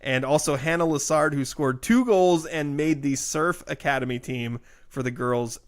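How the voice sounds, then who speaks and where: A man's voice: fairly high pitch, normal speed. A man co-hosting a casual local sports podcast, reading youth soccer results with jokes along the way. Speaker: podcast co-host.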